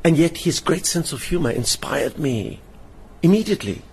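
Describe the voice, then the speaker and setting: This older man's voice is fairly high and slightly rough with vocal fry, at normal speed. As a satirist being interviewed in a hotel lounge with faint room noise behind him, he animatedly acts out stories, imitating the voices of the people involved.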